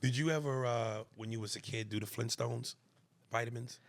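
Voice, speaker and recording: A man's voice: medium pitch, fairly even intonation, moderate pace, dry recording. A man co-hosting a comedy podcast, chatting casually in a blunt, teasing, streetwise way into a studio mic.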